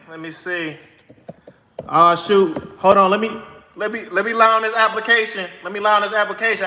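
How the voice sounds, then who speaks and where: A man doing a comic skit, excitedly filling out a credit card application, rushing and repeating himself over and over. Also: high-pitched. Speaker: host of a credit advice channel. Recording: echoey room with long reverb.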